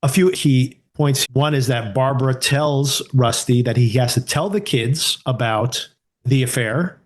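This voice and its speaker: A man's voice: mid-range voice, unhurried. Man casually reviewing a TV series. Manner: conversational, thinking aloud with restarts and rhetorical questions. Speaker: podcast co-host.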